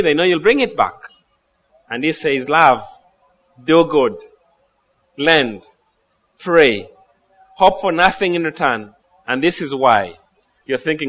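A man preaching a sermon, animated, telling stories and laughing at his own jokes. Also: a little high. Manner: acts out quoted voices in asides. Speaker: pastor.

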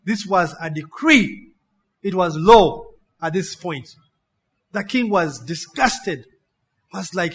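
Guy preaching, pretty high voice, animated, keeps checking in with the crowd. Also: slow pace, breathy edge. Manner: animated, call-and-response, piles up synonyms. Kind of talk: sermon.

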